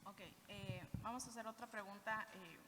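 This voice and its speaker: A woman moderating a conference panel, reading out audience questions in a measured way. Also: mid-range voice, steady tone. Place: conference hall. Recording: reverberant hall with faint noise.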